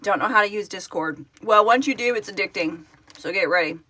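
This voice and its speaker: Bright, gushing woman chatting live. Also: mid-range voice, fairly quick. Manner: excitable and gushing, laughs often. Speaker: project founder hosting a live stream. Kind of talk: casual live-stream chat, answering comments.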